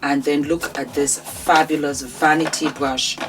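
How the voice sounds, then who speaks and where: A woman's voice: deep voice, fairly even intonation, measured pace, heavy background noise. A woman with a Nigerian accent presenting products in a chatty vlog, effusive and fond of calling viewers "my darling".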